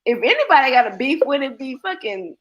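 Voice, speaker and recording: This livestream host, a young adult woman, speaks fast in a high voice with big pitch swings. Her casual chat is full of blunt, profane stories in which she acts out the other people.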